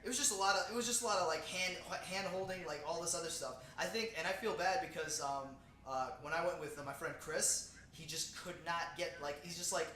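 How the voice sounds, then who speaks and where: A man talks through a film review in casual chat, his voice pitched a little high and bright. He gets animated, laughs easily, and acts out bits of dialogue. The room around him rings with echo. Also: brisk, few pauses, a little hiss or hum. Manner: animated, laughing, mimics lines and hums theme. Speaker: movie review co-host. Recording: echoey room.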